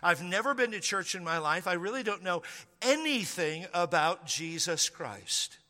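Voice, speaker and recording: A man's voice: high voice, sing-song, a little slow, sharp tone, full character voice. A man quoting a friendly, unchurched French man he met in a hot tub, in a plain and candid manner, with a long hall reverb.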